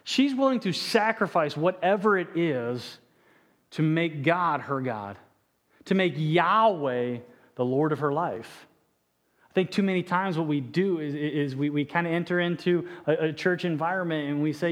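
A man with a high voice preaches an impassioned sermon. He stumbles over his words, repeating and restarting phrases as he pushes his point. His delivery is earnest and driven. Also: lively intonation, measured pace. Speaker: pastor.

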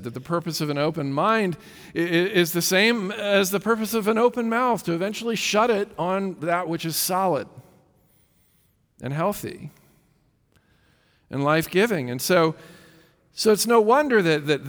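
Male preacher, slightly raised pitch, emphatic and questioning, long hall reverb. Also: a bit bright. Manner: emphatic, rhetorical questions, repeats words. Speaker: pastor. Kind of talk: sermon.

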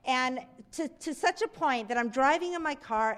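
A woman's voice: sits high, normal speed. A middle-aged woman preaching a conversational sermon, telling stories and acting out quotes. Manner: conversational preaching, lively storytelling with acted quotes.

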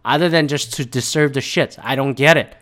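A man's voice: mid-range voice, a little fast, a bit bright. A man in a casual political rant, rambling and profane, often repeating words as he restarts a thought.

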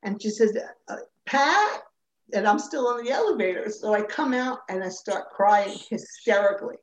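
A woman's voice: mid-range voice, fairly quick. An older woman, a former dancer, telling her story in an interview, acting out the people in it and laughing often. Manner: animated storyteller who acts out quoted voices and laughs often. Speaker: guest, former Rockette. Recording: roomy, slightly dull remote audio.

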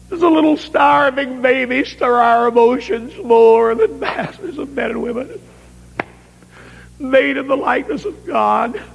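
A man's voice: very high-pitched, creaky, a bit bright, breathy edge. A man preaching at a camp meeting, telling a story in a dramatic, pleading way. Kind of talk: impassioned sermon storytelling. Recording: reverberant 1970s camp meeting recording.

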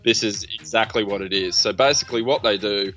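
A man's voice: fairly low pitch, a little fast, a bit bright, soft background music. A man with an Australian accent co-hosting a casual podcast chat, wry and laid-back, with many fillers. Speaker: podcast co-host.

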